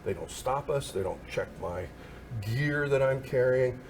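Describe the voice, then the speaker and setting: A man who works as a news photographer, telling a lively anecdote in a casual chat on a TV news segment. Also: medium pitch, a little slow, slight background noise. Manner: animated anecdote teller, acts out quoted voices. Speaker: news photographer and history storyteller. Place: TV news studio.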